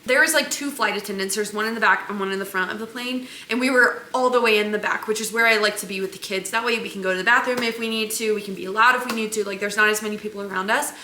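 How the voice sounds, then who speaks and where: A young woman vlogger telling a family travel story in a chatty, animated way, full of "like". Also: mid-range voice, fast, few pauses. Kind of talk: casual storytelling chat. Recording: echoey room, faint noise.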